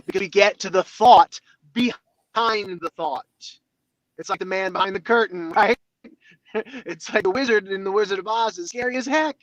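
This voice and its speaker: A man's voice: high voice, dry recording, rough recording. A man speaking as a guest in a motivational interview, talking expressively and acting out inner dialogues. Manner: expressive, acts out inner dialogues in other voices.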